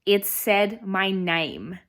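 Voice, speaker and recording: Slow-talking young woman vlogger. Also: medium pitch, big pitch swings, a bit bright. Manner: earnest, emphatic retelling. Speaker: travel vlogger. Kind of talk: vlog voice-over storytelling.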